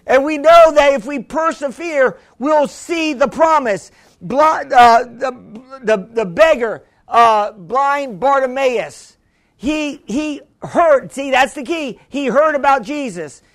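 A man preaching a sermon who keeps restarting, calls out to the congregation, and rises into shouted passages. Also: very high voice, lively intonation, slow pace. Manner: fervent, builds to shouts, calls for a witness.

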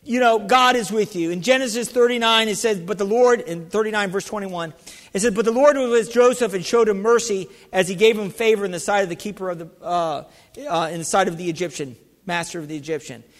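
Fervent high-voiced male preacher in a hall. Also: a little fast. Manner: fervent, calls out to the congregation. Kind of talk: sermon. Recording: long hall reverb.

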